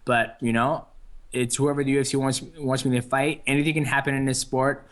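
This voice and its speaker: A man's voice: mid-range voice, level tone, a little fast, fairly bright tone. Easygoing young man with lots of fillers. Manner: easygoing, many fillers and restarts. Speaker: interview guest, fighter. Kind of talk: casual phone interview.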